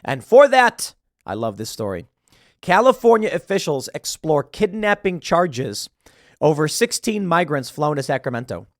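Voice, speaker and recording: A man delivers political commentary, reading news items aloud and breaking off into emphatic, scornful asides. His voice sits a little high for a man. The sound is close and dry. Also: sing-song, normal speed, no echo. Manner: emphatic, scornful, stumbles over words.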